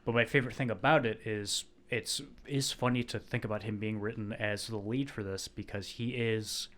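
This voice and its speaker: A man's voice: fairly low pitch, steady tone, moderate pace, fairly bright tone. A man hosting a podcast, talking casually about movies with lots of fillers and casual swearing. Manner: loose, filler-heavy talk, swearing casually. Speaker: podcast host.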